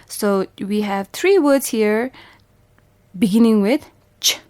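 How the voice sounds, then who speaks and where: A woman's voice: medium pitch, slow pace, a little mellow. A woman with a Bhutanese English accent, teaching a phonics lesson to young children, sounding out each letter and repeating every word patiently.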